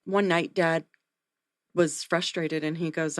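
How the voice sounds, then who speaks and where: Low-voiced woman telling a story. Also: takes it slowly, no echo, studio quality. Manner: earnest, animated retelling with acted quotes. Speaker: neonatal nurse practitioner, nonprofit founder. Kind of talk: interview storytelling.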